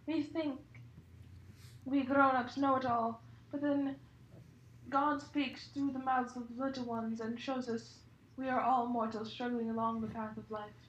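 A woman's voice: fairly high pitch, little pitch movement, measured pace, echoey room, dull audio, a little hiss or hum. A young woman reading fan fiction aloud in a mock-earnest, dramatic comic tone. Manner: mock-earnest, putting on voices for quotes.

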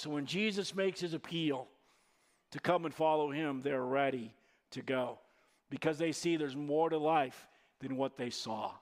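A man preaching a sermon as pastor, in a conversational, storytelling manner. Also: on the high side.

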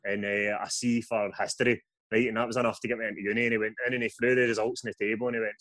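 A young Scottish man, a guest author, telling his story in a sweary, animated podcast chat. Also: fairly low pitch, racing, no echo. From Scotland.

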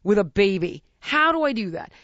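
A woman's voice: medium pitch, very animated, normal speed, fairly bright tone, no room sound, dull audio. Earnest businesswoman thinking aloud. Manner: searching, earnest, many restarts and "like". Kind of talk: candid casual chat.

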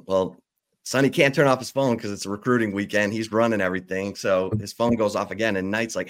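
Male sports radio host, lower voice, lively anecdotal storyteller. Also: a little fast. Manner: animated storyteller, acts out quotes. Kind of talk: casual chat.

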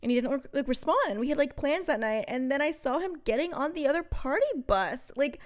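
A woman's voice: high-pitched, animated, brisk. A young woman co-hosting a podcast, talking bluntly in casual chat with many fillers. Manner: chatty, blunt, full of fillers. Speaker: podcast co-host.

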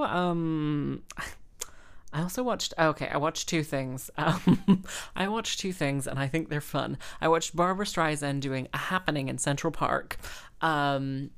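A young woman hosting a podcast, chatting casually in a rambling, self-interrupting way and laughing often. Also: low voice. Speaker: podcast host and freelance musician.

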